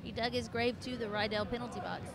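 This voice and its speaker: A woman's voice: a little high, fairly even intonation, fast, crowd noise. A woman from the United States working as a guest roller derby announcer, affectionate in her commentary. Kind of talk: live sports commentary.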